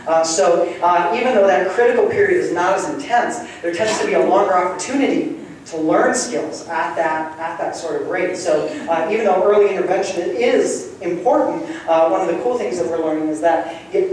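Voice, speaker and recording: A man's voice: high voice, moderate pace, a little mellow. A man giving a conversational, good-humored public lecture to a community audience and taking questions. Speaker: guest lecturer. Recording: roomy hall sound from far off, faint noise.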